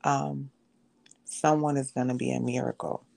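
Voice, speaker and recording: A woman with a low, gravelly voice recounts her own story on a podcast. She tells it conversationally and slips into the voices of the people she quotes. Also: little pitch movement, normal speed, a little mellow. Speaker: podcast guest. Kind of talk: personal testimony in conversation.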